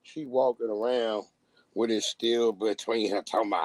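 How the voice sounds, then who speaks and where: A man's voice: medium pitch, expressive, moderate pace, no echo, poor audio. A man on a live stream, ranting bluntly in casual talk and acting out the voices of people he quotes. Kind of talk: casual profane rant.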